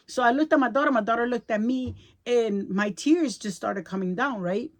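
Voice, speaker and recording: A woman's voice: a little high, normal speed, few pauses. A middle-aged woman vlogger telling a personal story to her viewers in a casual, heartfelt way, emotional and repeating words for emphasis.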